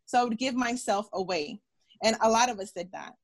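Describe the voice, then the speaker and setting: Her voice is a little high and a little fast as this thirty-something doctor shares stories in an interview. She's earnest and encouraging, repeats phrases, and performs the quotes she relays.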